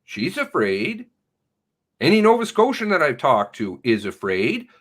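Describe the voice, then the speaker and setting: A man's voice: on the high side, huge pitch swings, unhurried, fairly bright tone. A man giving a sarcastic, ranting livestream commentary, mocking the police in put-on voices. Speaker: online commentator.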